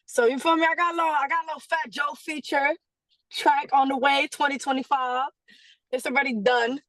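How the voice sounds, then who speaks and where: A woman being interviewed, telling a story in a casual, animated way, acting out quotes and laughing often. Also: sits high, brisk, no room sound. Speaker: guest artist.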